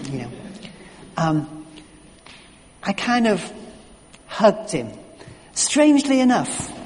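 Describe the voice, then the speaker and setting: Middle-aged preacher, earnest storytelling, voice a bit high, long echo in church. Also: male voice. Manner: earnest, anecdotal, with fillers and restarts. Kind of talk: sermon.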